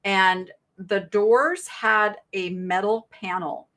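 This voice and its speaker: A middle-aged woman hosting a live online sale, chatting brightly with viewers and describing thrift finds. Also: medium pitch, steady tone, takes it slowly. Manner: chatty, bubbly, reads viewer chat aloud. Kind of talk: live-stream sales chat.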